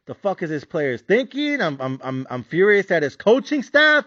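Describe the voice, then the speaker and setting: A man with a high, bright, forceful voice rants heatedly about a lost bet, swearing freely and getting worked up. The sound is dry and close, with a dull, lo-fi tone. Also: normal speed, hardly any pauses, no room sound. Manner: profane, heated and animated. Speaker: sports betting vlogger. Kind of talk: ranting monologue.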